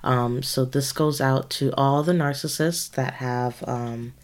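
A woman's voice: extremely low pitch, steady tone, slow. A woman co-hosting a podcast, telling a personal story in casual chat, rambling with many fillers. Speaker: podcast co-host.

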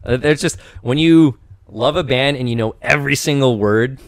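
A man in his thirties, a podcast guest in casual chat, telling stories with growing excitement and bursting into shouted quotes. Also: medium pitch, normal speed, dry recording.

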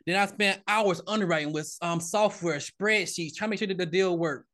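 Fast-talking high-voiced man telling stories. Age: adult, married father. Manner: animated, repeats and restarts words often. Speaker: podcast guest, real estate investor. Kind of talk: casual storytelling interview.

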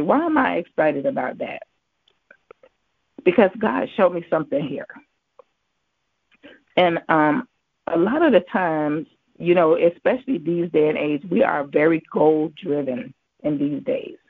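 A man giving a Bible teaching as a preacher, halting with many ums and restarts. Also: a little high, creaky, husky, dry recording. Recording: tinny phone-like line, dry.

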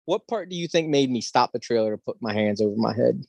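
A man co-hosting a podcast in casual chat, animated, sarcastic and profane. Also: mid-range voice, quick pace, creaky, husky, dry recording. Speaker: podcast co-host.

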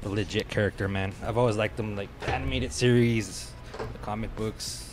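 A man co-hosting a podcast, low-key and quiet in casual chat. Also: steady tone, fairly quick, music in the background. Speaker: podcast co-host.

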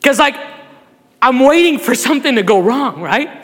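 High, bright-voiced male pastor preaching. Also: big pitch swings, moderate pace, big-room sound. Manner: emotional, swings from soft to shouted. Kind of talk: sermon. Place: church sanctuary.

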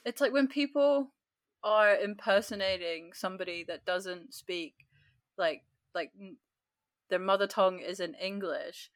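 A woman's voice: mid-range voice, a little slow, dry recording. A woman co-hosting a podcast, arguing her point insistently in casual book chat and swearing freely. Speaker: podcast co-host.

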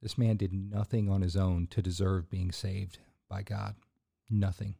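A man's voice: deep voice, little pitch movement, a little slow, gravelly, mellow. A man hosting a sermon-style podcast, talking earnestly in a casual way with fillers, then building to emphatic, preacherly bursts. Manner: casual fillers and restarts between points. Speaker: podcast host.

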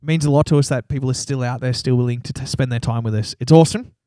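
A man's voice: medium pitch, fast, dark tone, no echo, clean studio sound. A man, co-hosting a podcast in casual chat and laughing often as he banters. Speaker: podcast co-host.

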